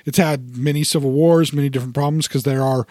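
A man's voice: mid-range voice, fairly even intonation, fast talker, a little mellow, no room sound, clean studio sound. A man co-hosting a casual podcast chat, explaining things at length with frequent restarts. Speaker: podcast co-host.

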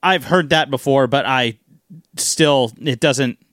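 A man's voice: mid-range voice, slow pace, a bit bright, dry recording, clean studio sound. A man in casual chat, hesitant and easygoing, giving short replies.

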